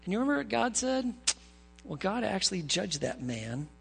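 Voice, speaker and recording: A male pastor preaching a sermon, retelling stories with animated, conversational asides to the congregation. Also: sits high, moderate pace, vocal fry, breathy edge, faint music behind.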